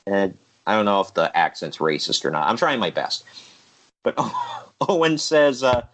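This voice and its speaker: At a measured pace, a man with a fairly low, slightly bright and very animated voice gives an easygoing play-by-play recap of figure wrestling league matches as the show's host. He laughs at his own jokes and now and then says "uh".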